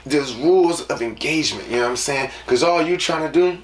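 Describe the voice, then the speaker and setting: A man's voice: a little high, a little fast. Man podcasting in an echoey room. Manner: preachy, rambling, peppered with "you know what I'm saying". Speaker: podcast host. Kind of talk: casual solo podcast monologue. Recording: roomy, distant mic with noise.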